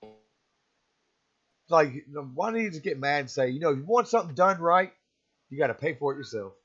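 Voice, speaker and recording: A man's voice: a little high, big pitch swings, a little fast, a bit bright, breathy edge, soft background music. Man, stream host, rambling opinionated chat, slightly muffled lo-fi audio. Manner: rambling, opinionated, chuckles often. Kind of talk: casual live-stream chat.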